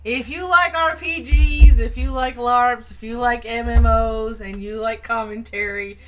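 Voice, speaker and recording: A woman's voice: a little high, steady tone, a little slow, noisy background. A middle-aged woman co-hosting a casual chat show, talking chattily and laughing often. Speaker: co-host.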